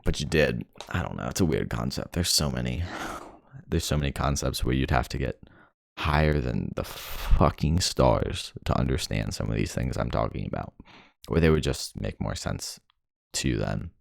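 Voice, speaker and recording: Gravelly, very deep-voiced young man ranting. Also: animated, moderate pace, no echo, clean studio sound. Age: young adult. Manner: frustrated, profane, rambling. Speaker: vlogger. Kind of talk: ranting monologue.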